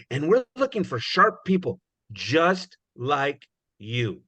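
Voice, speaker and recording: A guest speaker on recruiting gives a casual, rambling talk packed with "you know" fillers, acting out little dialogues as he goes. His voice is a little high and husky, with big pitch swings, a slow pace, and a bright, forceful tone. The audio is dull and muffled but has no echo.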